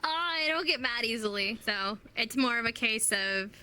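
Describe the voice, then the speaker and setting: Woman, bright tone, fairly high pitch, chatty guest, strained voice. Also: lively intonation, moderate pace, a little hiss or hum. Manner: chatty, laughs often. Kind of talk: casual interview chat.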